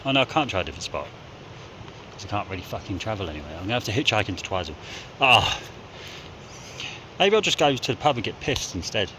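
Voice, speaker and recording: A man's voice: on the low side, big pitch swings, fast talker, long pauses, noisy background. A man with a New Zealand accent rambling casually to his phone camera while climbing a mountainside, out of breath and dehydrated, swearing often. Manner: rambling, frustrated, swears a lot. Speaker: hunting vlogger. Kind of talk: casual outdoor vlog. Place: outdoors on a mountainside.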